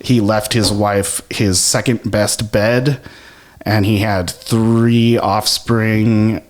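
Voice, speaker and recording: A man with a fairly low voice chats as a guest on a casual podcast. He is a Shakespearean actor and explains things at length, stopping and restarting and filling gaps with ums and likes. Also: fairly even intonation, extremely slow.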